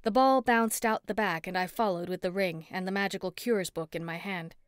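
A woman narrating a first-person story in an expressive, steady audiobook read on a close mic. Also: mid-range voice, fairly quick, clean tone, no room sound.

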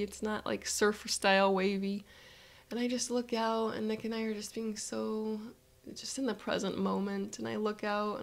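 Woman, guided visualization narrator, relaxed chatty present-tense storytelling, even pitch. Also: gravelly.

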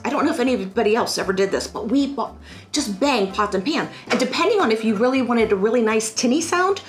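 A middle-aged woman from Pennsylvania chatting casually about family holiday memories in a rambling, animated way. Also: a little high. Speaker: financial firm staff. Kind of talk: casual personal storytelling.

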